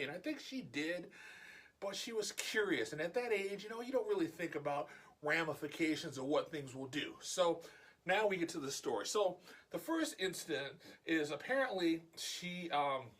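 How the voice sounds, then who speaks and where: Husky-voiced man telling a lively story. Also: a little high. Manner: animated, acts out dialogue. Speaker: vlogger. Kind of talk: casual storytelling.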